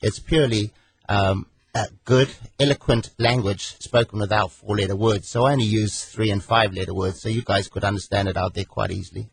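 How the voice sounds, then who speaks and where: Wry British author, husky low voice. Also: male voice, steady tone, fairly quick, no room sound, rough recording. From England. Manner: wry, joking, hesitant with fillers. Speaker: guest author. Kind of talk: radio interview. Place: radio studio.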